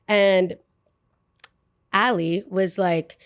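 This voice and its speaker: An animated young woman telling a story on her podcast, sounding close and dry. She talks casually, her pitch jumps when she acts out what people said, and she drops to a mutter for asides. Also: moderate pace, no echo. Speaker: podcast host.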